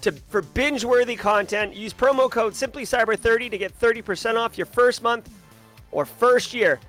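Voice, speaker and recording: A man hosting a live stream, casually chatting and giving energetic, playful shout-outs to viewers. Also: extremely high pitch, normal speed, soft background music. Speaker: livestream host.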